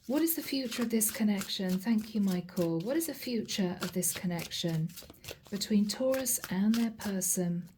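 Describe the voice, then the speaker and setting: A woman's voice: mid-range voice, expressive, normal speed, dark tone, slight background noise. A woman reading tarot cards to camera in a chatty way, calling her viewers guys. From Europe. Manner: chatty, addresses viewers as guys, acts out quoted lines. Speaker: tarot reader.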